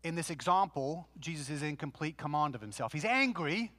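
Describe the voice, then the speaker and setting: A man preaching a sermon in a conversational, animated way, full of rhetorical questions. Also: on the high side, brisk, in a large hall. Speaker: pastor.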